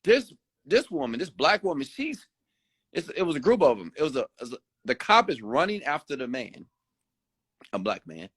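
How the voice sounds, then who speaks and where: A man delivering a late-night motivational rant, preachy and repetitive, now and then jumping high to mimic other people. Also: normal speed, breathy edge, no echo. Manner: animated, mimics other people with sudden high-pitched outbursts; preachy, repeats phrases for emphasis. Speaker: motivational host. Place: Houston.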